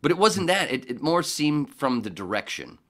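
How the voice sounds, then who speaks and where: A man's voice: a little high, big pitch swings, moderate pace, a bit bright. A man hosting a podcast, talking casually and bluntly with plenty of swearing, rambling through his thoughts. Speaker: podcast host.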